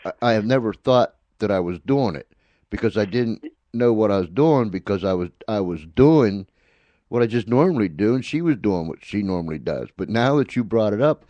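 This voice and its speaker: An older radio host talking with his guest, in a halting way, repeating himself as he gathers his thoughts. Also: fairly low pitch, lively intonation, mellow, dry recording, dull audio.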